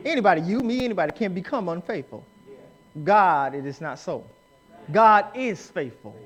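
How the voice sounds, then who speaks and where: A man preaching a live sermon in church, emphatic and rising to shouts as he acts out the people he quotes. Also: high-pitched, animated, moderate pace. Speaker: pastor. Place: church sanctuary.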